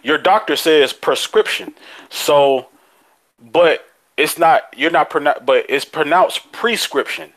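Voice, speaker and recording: Excitable, profane man on a podcast. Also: a little high, low-quality recording. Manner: excitable, profane, quick to laugh. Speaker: podcast co-host. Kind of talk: casual podcast chat.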